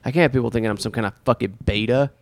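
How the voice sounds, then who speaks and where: A man co-hosting a casual chat show and recapping a movie, joking and swearing a lot. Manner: profane, joking, quick bursts with lively pitch swings. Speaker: podcast co-host.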